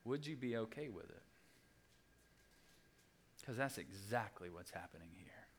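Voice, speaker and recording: A young adult man preaching a sermon, animated, acting out the people in the story with big jumps in his voice. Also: unhurried, creaky, a little hiss or hum. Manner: animated, acts out voices with big pitch swings. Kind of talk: sermon teaching.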